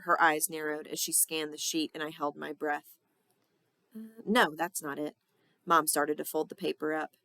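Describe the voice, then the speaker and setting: A woman teacher reading a children's novel aloud, giving the characters lively voices. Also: low voice, no echo. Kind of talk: storybook read-aloud.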